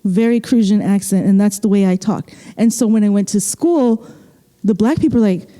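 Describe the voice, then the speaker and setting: A woman's voice: mid-range voice, normal speed, warm tone. A woman from the U.S. Virgin Islands in casual conversation on a panel, earnestly telling a story from her own life.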